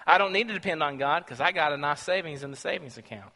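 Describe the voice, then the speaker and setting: A man preaching with an emphatic, questioning delivery, his voice fairly high and forceful. Long reverb from a large hall trails behind every phrase. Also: expressive, fast talker. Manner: emphatic, rhetorical questions to the congregation. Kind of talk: sermon.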